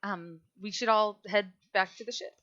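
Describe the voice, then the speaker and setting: A woman narrating a tabletop game as its game master, speaking casually and filling pauses. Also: mid-range voice, steady tone, fairly bright tone. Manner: casual with many fillers. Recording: dull lo-fi audio.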